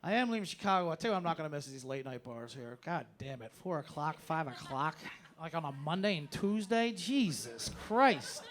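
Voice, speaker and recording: A man's voice: a little high, sing-song, moderate pace, a bit bright. A man doing a stand-up set in a club, ranting sarcastically and swearing freely. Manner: loose, profane, sarcastic ranting. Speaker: stand-up comedian. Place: comedy club stage.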